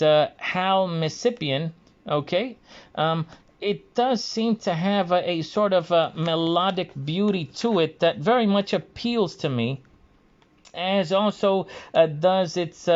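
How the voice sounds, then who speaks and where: A man talking casually in a hesitant, halting monologue, pausing often as he gathers his thoughts. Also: fairly high pitch. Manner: halting, hesitant, frequent pauses. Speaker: video creator. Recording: dull lo-fi recording.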